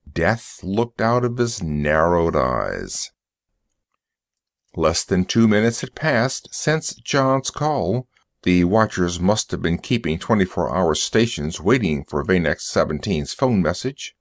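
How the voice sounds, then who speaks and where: A man reading a story aloud as a narrator for English learners, slowly and deliberately. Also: lowish voice, sing-song, dry recording, studio quality.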